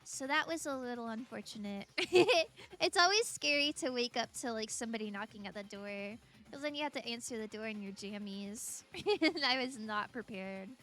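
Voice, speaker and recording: A young woman with an American accent chats and giggles through a game stream, answering viewers as she plays. Her voice is high and bright. Soft game music sits faintly behind her. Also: lively intonation, normal speed. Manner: chatty, giggly, reading and answering chat. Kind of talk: casual game-stream chat.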